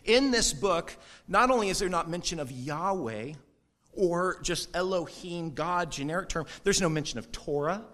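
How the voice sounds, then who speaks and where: A man preaching a sermon, animated and conversational, with quick asides and brief mock voices for quoted people. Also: high-pitched. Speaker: pastor.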